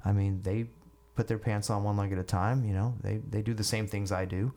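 Warm, steady and fairly quick, the fairly low voice belongs to a middle-aged musician appearing as a podcast guest. Chatting through his story, he trips on repeated words and drifts into voicing the people involved.

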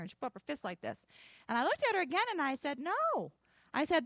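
Woman pastor, high and very animated voice, folksy storyteller, dry close sound. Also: fast, no echo. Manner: folksy storytelling with emphatic declarations. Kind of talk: sermon with personal story.

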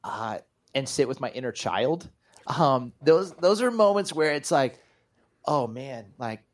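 A man's voice: a little high, very animated, measured pace. A man who is a pastor and author, talking earnestly and reflectively as an interview guest. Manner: earnest, reflective, speaks in spiritual terms. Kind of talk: reflective conversation.

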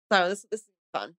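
A woman's voice: medium pitch, fairly bright tone, no room sound. Chatty Australian-born woman, dry close sound. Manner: chatty, laughs often, uses "like" a lot. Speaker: podcast guest, host's wife. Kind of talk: casual chat.

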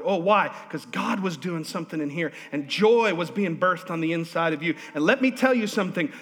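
A male pastor preaching a lively, humorous sermon in a church, drawing responses from the congregation. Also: sits high. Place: church sanctuary. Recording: long hall reverb.

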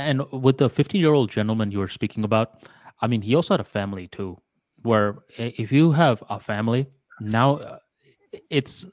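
A man's voice: lowish voice, no room sound. A man co-hosting a podcast in casual chat, thinking aloud in a loose way with lots of filler words. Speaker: podcast co-host.

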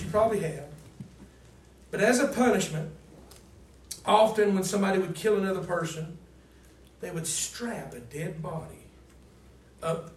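A man preaching a sermon and reading scripture aloud. He asks the congregation to fill in words and swings between loud emphasis and quiet asides. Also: sits high. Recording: roomy, distant mic, faint background noise.

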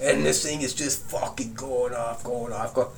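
A man casually telling a profane campfire story, animated and often laughing as he recounts it. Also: mid-range voice, normal speed, gravelly, slight background noise.

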